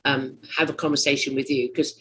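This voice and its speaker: A husky podcast host talks at length in a loose interview, hunting for words and teasing the guest. Pitch and loudness leap up and drop away as the thoughts tumble out, sitting in a middle register overall. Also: little pitch movement, fairly quick, poor audio. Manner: rambling, searching for words, teasing; big swings in pitch and loudness. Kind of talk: conversational interview.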